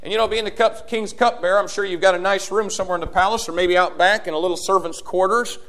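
A man preaches a sermon in a notably high voice. He swings from quiet, low passages up to fervent shouted appeals aimed at his congregation. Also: fairly even intonation, fast talker.

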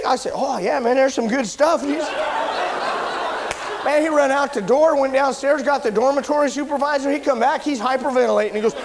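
A man preaching, telling a personal story in a sermon, animated and shouting at the big moments. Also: a little fast, noisy background. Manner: animated storyteller, shouts at high points, drops low and quiet when somber.

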